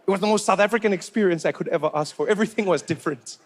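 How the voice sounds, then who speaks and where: A man doing stand-up comedy, telling stories in an animated, incredulous way. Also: sits high, racing.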